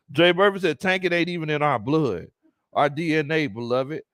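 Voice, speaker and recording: A man's voice: a little high, fairly bright tone, no echo, studio quality. A man hosting a casual live-stream sports chat, reading viewer comments aloud and laughing often. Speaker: sports talk show host.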